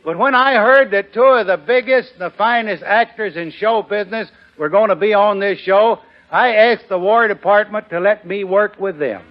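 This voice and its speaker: A man's voice: sits high, moderate pace, lo-fi sound. A man hosting 1940s radio comedy banter, folksy and drawling, who chuckles at his own jokes. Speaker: host.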